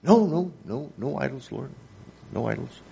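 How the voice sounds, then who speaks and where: A man voicing a defensive, evasive male tax collector who answers with quick, self-assured brush-offs, as part of a sermon. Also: medium pitch, lively intonation, creaky, mellow, husky, heavily acted.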